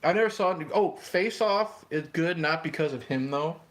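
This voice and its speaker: A man's voice: on the high side, normal speed, fairly bright tone. A man co-hosting a live stream, chatting casually about movies in a rambling, easygoing way and laughing often. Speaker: co-host of a live stream show.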